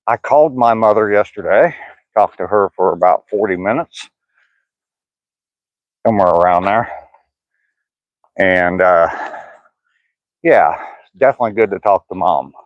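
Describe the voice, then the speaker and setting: A man's voice: fairly low pitch, a little slow, pauses often, no echo. Older man, casual livestream chat, outdoors walking, dry close sound, slightly muffled. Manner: chatty, answers chat viewers by name, laughs often. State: sore hip. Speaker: vlogger reading live chat. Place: outdoors on a walk.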